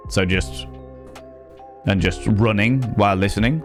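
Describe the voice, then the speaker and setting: A man chatting on a live stream, telling animated, sweary stories and reading out chat messages. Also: on the low side, normal speed, soft background music. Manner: sweary, animated storytelling, reads chat aloud.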